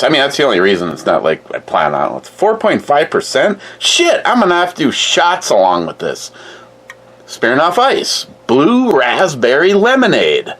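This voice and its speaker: A man's voice: medium pitch, wildly swooping pitch, normal speed, a bit bright, low-quality recording. A man hosting a casual drink review, rambling and joking with a bit of swearing.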